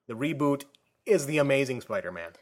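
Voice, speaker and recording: Man calmly weighing film opinions. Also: mid-range voice. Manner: measured, opinionated, self-aware about picky points. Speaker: co-host of a movie discussion. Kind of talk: casual chat.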